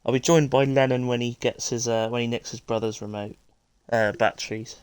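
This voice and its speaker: A man's voice: medium pitch, fairly even intonation, brisk, smooth. A British man hosting a live racing stream, chatting casually and bantering with his viewers before the show starts. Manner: chatty, banters with viewers, greets people constantly. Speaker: stream host and commentator.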